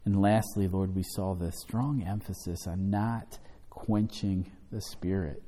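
A man with a low, mellow, very dark voice leads an evening Bible study as pastor. He talks in a measured, earnest way and slows down to read scripture aloud. His voice rings with long reverb, as if he is in a large hall. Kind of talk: Bible study teaching and closing prayer.

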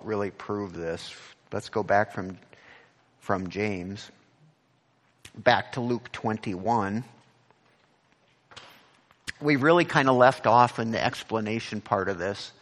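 A man's voice: fairly bright tone, in a large hall. A man preaching a sermon as pastor, earnest and repeating his words as he reads from scripture. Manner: earnest, repeats words, rises in pitch on questions.

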